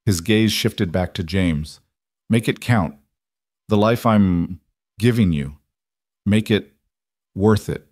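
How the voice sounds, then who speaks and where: A man voicing a dying young outlaw in a cowboy storybook who speaks weakly and haltingly. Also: lowish voice, darkish tone, no echo, studio quality. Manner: weak, halting, coughing between words. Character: dying young male outlaw, bitter, broken.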